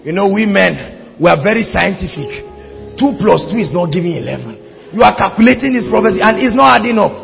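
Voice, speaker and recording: A man preaching a sermon, swinging between hushed words and shouting. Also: high voice, expressive, a little fast, creaky, lo-fi sound. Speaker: pastor. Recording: hall reverb with faint music.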